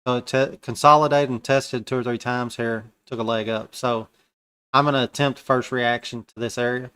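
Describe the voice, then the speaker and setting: A man's voice: medium pitch, a bit bright, clear, resonant tone. A man giving casual live commentary while day trading futures, thinking aloud in loose, colloquial speech.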